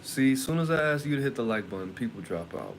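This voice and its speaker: A man rambles through a personal story for his live chat, blunt and quick to curse. His voice sits at an ordinary middle pitch, with a faint hiss under it. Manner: animated, profane, rambling and blunt. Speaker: livestream host.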